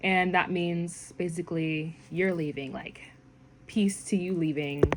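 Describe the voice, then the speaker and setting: A young woman casually teaching common phrases, chatty and rambling with lots of fillers, jumping up brightly when she quotes a phrase. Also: lowish voice, fairly even intonation, measured pace, background noise. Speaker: language learning vlogger. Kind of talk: casual language lesson.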